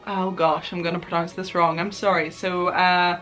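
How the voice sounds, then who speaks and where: A young woman talks through an unboxing in a casual, chatty way, full of fillers and little restarts. She keeps gushing over each item she finds. Faint music plays softly behind her voice. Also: lowish voice, flat delivery, normal speed, few pauses. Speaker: vlogger.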